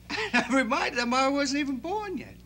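An earnest, idealistic teenage boy in a 1960s TV drama, his voice high, bright and lively. He rambles and stumbles through his thoughts with constant restarts. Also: full character voice. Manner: halting and rambling, full of restarts.

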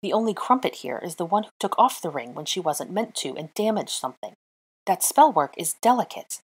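A woman's voice: on the low side, big pitch swings, brisk, slightly rough, exaggerated voice. A woman voicing a lazy, haughty young wizard who scoffs and needles. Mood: scornful. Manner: scoffing, drawling, biting.

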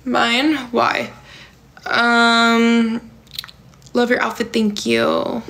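A woman's voice: fairly high pitch, completely flat delivery, very slow, creaky, a bit bright, a little hiss or hum. A young woman chatting on a livestream, reading viewer comments aloud and answering them in a rambling way, with lots of "like" and "um". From California. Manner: rambling and filler-heavy, many "like" and "um". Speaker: livestream host.

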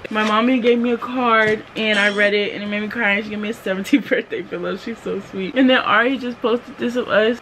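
A woman's voice: a little high, normal speed, a little hiss or hum. Chatty teen girl vlogging on her phone. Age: teens. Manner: chatty, slangy and expressive. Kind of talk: casual vlog talk to camera.

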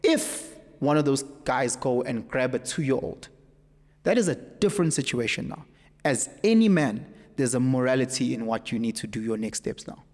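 A man with a South African accent, speaking as a podcast guest in an emphatic, animated storytelling way. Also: mid-range voice, normal speed. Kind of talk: casual conversation. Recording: echoey room with long reverb.

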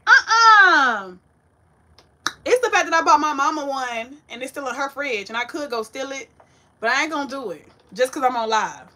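A woman's voice: high voice, moderate pace. A woman hosting a casual home-kitchen cooking livestream, chatty and sassy, talking straight to her viewers. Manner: chatty, animated, talks to viewers, sassy Southern-flavored slang. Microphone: ring light setup.

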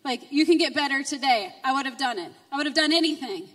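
A middle-aged woman giving an emotional personal testimony at a church conference, moving from quiet storytelling to loud, fervent preaching. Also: high voice, expressive, fast. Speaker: conference speaker. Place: church sanctuary. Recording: reverberant hall, distant mic.

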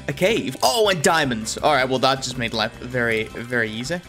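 A man's voice: mid-range voice, lively intonation, moderate pace, fairly bright tone, soft background music. A man giving casual, rambling, self-mocking commentary while playing a video game. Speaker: gaming video host.

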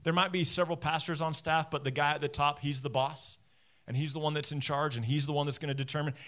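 A man's voice: fairly high pitch, quick pace. A man preaching a sermon from a church stage as the teaching pastor, talking straight to his listeners with self-deprecating humor. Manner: conversational, animated, talks straight to listeners.

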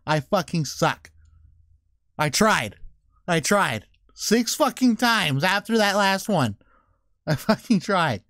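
High-voiced swearing gamer man. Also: animated, slow, pauses often, fairly bright tone, no room sound. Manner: swears constantly, talks to his sled dogs and the game. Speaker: gaming channel host. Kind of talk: casual let's-play commentary.

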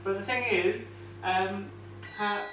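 Rambling guy cracking crude jokes while cooking, far off mic in a boomy kitchen. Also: animated, moderate pace, a bit bright. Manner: chatty, rambling, crude humour. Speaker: co-host. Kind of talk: casual cooking vlog banter. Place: home kitchen. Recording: echoey kitchen, distant mic, noisy.

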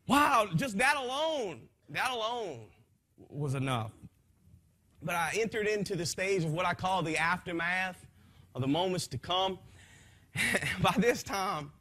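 A man giving an impassioned spoken testimony to a gathering in a folksy, rambling way, his voice swinging from soft to loud. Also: high-pitched, animated, unhurried, long pauses. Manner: folksy, rambling, with frequent restarts.

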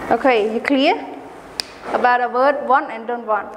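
A woman with a Khmer accent teaching an English lesson to children, slowly and patiently, spelling words out letter by letter. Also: a little high, fairly even intonation, big-room sound, noisy background.

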